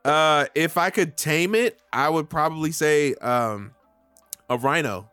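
A man's voice: a little high, unhurried, a bit bright, smooth, dry recording, faint music behind. A man co-hosting a casual chat, dropping wry, teasing quips. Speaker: podcast co-host.

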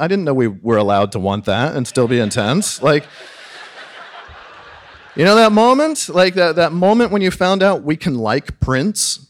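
Animated man telling a story on stage. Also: fairly high pitch, normal speed. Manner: animated, swears, stammers and acts out quotes.

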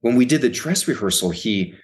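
A man appearing as a podcast guest, chatting casually in a relaxed, rambling way full of restarts. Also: medium pitch, brisk. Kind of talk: casual chat.

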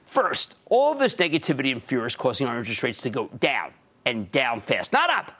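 A man's voice: medium pitch, wildly swooping pitch, brisk, sharp tone. A man in his sixties hosting a market commentary show, talking emphatically and punching key words.

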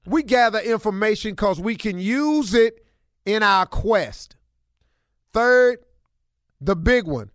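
A man's voice: sits high, lively intonation, slow pace, pauses often, no room sound, clean studio sound. A middle-aged man hosting a relationship advice show, talking in an emphatic, preachy, colloquial way and repeating lines for punch. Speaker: radio show host giving relationship advice. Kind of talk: animated advice talk.

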